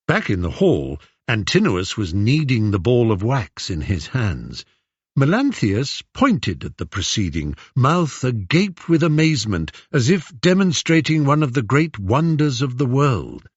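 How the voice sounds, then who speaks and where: Unhurried English storyteller, expressive. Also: male voice, mid-range voice, slightly rough, no echo, highs cut off. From England. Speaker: audiobook narrator. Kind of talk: scripted narration.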